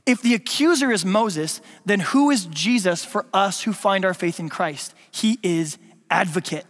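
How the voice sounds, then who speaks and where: A man's voice: high voice, measured pace. A man preaching a sermon as pastor, playful and quizzing the congregation with questions. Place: church sanctuary. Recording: long reverb of a church hall.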